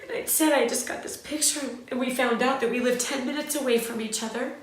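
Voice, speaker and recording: A middle-aged woman from Southern California, telling a personal story in a candid, animated way with fillers and restarts. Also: high-pitched, brisk. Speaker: host. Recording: very echoey room.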